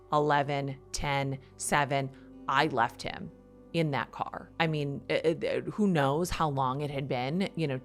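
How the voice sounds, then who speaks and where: Low-voiced woman telling a candid story. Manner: earnest and confessional, with rushed restarts. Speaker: podcast host. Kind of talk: personal storytelling monologue.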